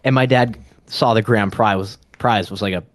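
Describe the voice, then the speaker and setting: A man's voice: lowish voice, moderate pace. A young man telling a long childhood story in casual podcast chat, rambling with lots of fillers and laughing as he goes. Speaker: podcast co-host.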